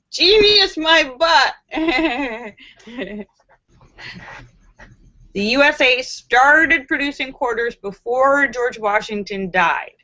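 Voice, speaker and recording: A woman's voice: fairly high pitch, bright, forceful tone, lo-fi sound. A woman hosting a casual live stream and reading viewer comments aloud, playful and sassy, with frequent laughter and joking asides.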